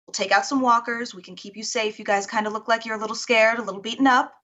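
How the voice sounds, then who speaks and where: Bright-voiced woman tabletop player. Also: a little high, fairly even intonation. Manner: chatty, quick to laugh. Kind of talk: tabletop role-play. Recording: slightly dull lo-fi sound.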